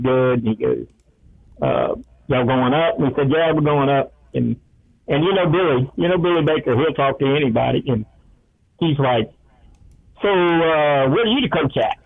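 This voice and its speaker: A man's voice: mid-range voice, vocal fry. Man telling stories on a tinny radio line. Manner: chatty storyteller, acts out quotes. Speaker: co-host and football analyst. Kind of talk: casual radio sports talk.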